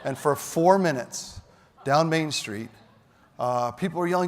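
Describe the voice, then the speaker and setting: Male keynote speaker, lively storyteller, high-ish voice, long reverb of a big hall. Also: normal speed, slight background noise. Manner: animated, shouts punchlines. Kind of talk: storytelling speech. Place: large hall.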